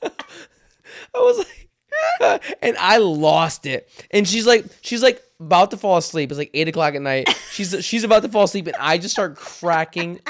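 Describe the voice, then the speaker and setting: A man in his thirties co-hosting a casual podcast, an animated storyteller who laughs often. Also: high-pitched, moderate pace, hardly any pauses. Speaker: podcast co-host. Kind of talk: casual chat.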